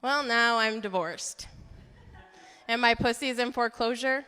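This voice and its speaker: Bright brash female stand-up comic. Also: a little high, a little slow, clear, resonant tone. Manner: bright brash delivery with crude punchlines. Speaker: stand-up comedian. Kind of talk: stand-up comedy set. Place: comedy club stage. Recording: reverberant comedy club hall.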